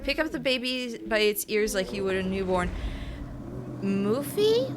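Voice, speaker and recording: A young woman streaming a game, reacting with frantic screams and rushed, apologetic chatter. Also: medium pitch, animated. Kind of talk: live gameplay commentary. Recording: noisy stream mic that clips on screams.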